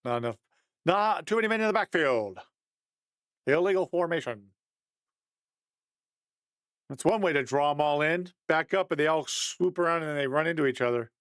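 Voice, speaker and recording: A man's voice: a little high, expressive, normal speed, pauses often, a bit bright, no room sound. A man giving a casual, conversational breakdown of football game film, thinking aloud and chuckling at mistakes.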